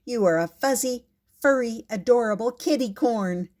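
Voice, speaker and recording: An older woman voicing a small eager female kitten who wants to be a unicorn, in a high, excited storybook voice. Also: moderate pace, lightly acted.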